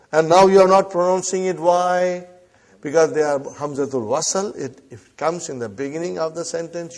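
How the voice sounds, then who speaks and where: A man teaching Arabic to a class, slowly repeating phrases and prompting the students with short questions. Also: a little high, darkish tone. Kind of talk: classroom lesson.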